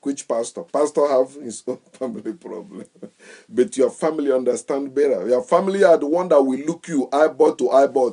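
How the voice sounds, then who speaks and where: A man giving his opinions in casual talk, lively, acting out the people he quotes and laughing often. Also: medium pitch, moderate pace, breathy edge. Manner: animated, acts out quoted voices.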